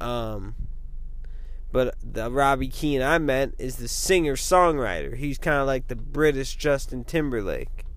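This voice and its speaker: A man's voice: mid-range voice, lively intonation, a little slow. A man from the Midwest, talking in a casual, meandering monologue full of fillers. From American Midwest.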